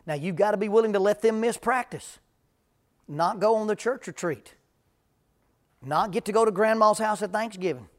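Folksy preacher, deadpan humor. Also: male voice, high-pitched, normal speed, pauses often. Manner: humorous storytelling, deadpan jokes. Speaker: preacher speaking on parenting. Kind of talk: folksy talk to a live audience.

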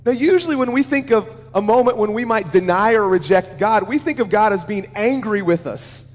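High-voiced preacher in a reverberant hall. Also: male voice, animated, brisk, hardly any pauses. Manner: earnest, conversational, asks the listeners questions. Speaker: pastor. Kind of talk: sermon. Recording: long reverb of a large hall.

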